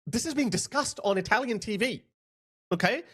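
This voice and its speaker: Man, casual commentary, lively up-and-down delivery, mocking tone. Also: high voice, normal speed, slightly rough. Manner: blunt, sarcastic, mocking. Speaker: political commentator. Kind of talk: casual commentary on video clips.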